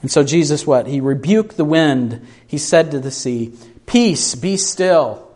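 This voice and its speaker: A man with a mid-range voice preaches at normal speed, questioning his congregation as he goes. As pastor, he acts out the voices in the story and alternates between hushed and raised speech.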